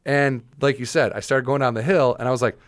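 A man's voice: medium pitch, fairly even intonation, brisk, dry recording, studio quality. A man co-hosting a podcast, telling a rambling, self-mocking story in casual chat and acting out quoted voices. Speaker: podcast co-host.

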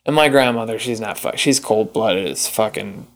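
A young man telling a personal story in casual chat, rambling with lots of fillers and swearing, jumping up in pitch to act out the people he quotes. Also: normal speed. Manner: acts out quoted voices with big jumps in pitch. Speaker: podcast guest.

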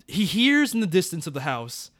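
A man co-hosting a movie-review podcast in casual chat, telling stories in an animated way and swearing casually. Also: fairly high pitch, moderate pace, no echo, studio quality.

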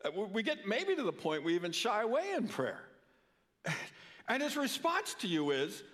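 A man's voice: high-pitched, big pitch swings, normal speed, a bit bright. An older man preaching a sermon in a church, earnest, often repeating words for emphasis. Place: church sanctuary. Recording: long reverb of a church hall.

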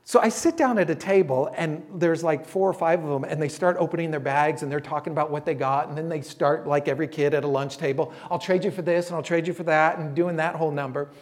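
A man's voice: a little high, fast talker, few pauses. A man preaching a sermon as a pastor, conversational and storytelling, voicing quotes from people he talks about.

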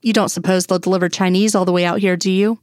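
A woman's voice: lowish voice, fairly even intonation, quick pace, a little mellow, dry recording, clean studio sound, natural voice. A woman voicing a wry grown man, a teasing FBI agent, in a fan story reading. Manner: teasing, laughing.

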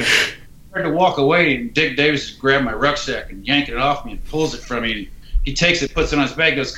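A man's voice: mid-range voice, fairly quick, bright, forceful tone. A man, an army veteran guest, telling a story in casual talk, acting out dialogue and swearing casually. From United States. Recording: roomy, dull lo-fi sound.

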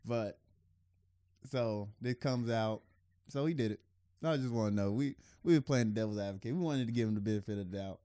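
A man cohosting a casual podcast chat, swearing freely and laughing often, sometimes loud, sometimes mumbling. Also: fairly low pitch, fairly quick, no room sound, clean studio sound. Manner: loose and profane, laughs often, drifts between loud and mumbled. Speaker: podcast co-host.

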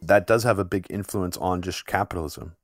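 A man's voice: deep voice, fairly quick, no echo, studio quality. A man co-hosting a political podcast, talking at length with a sarcastic edge in long, run-on sentences. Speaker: podcast co-host. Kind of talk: casual political podcast chat.

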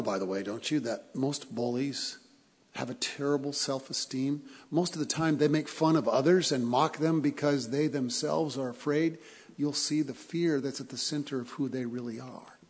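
Husky-voiced pastor preaching in a reverberant hall. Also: male voice, on the high side. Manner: conversational storytelling with repeated words and swings in loudness. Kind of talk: sermon.

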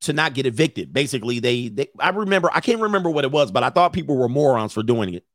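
A man's voice: mid-range voice, expressive, fast talker, dry recording. Man, middle-aged, casual stream host, blunt and opinionated, rambling, dry close sound. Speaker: host reading viewer comments. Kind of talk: casual live-stream commentary.

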